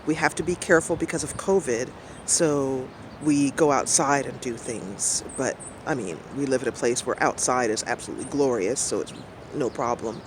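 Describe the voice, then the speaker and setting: A woman's voice: a bass voice, moderate pace. A middle-aged woman talks in a loose, rambling way, laughing often between thoughts. She is outdoors, and a faint hum of passing traffic sits under her voice. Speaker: streamer. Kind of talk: casual chat.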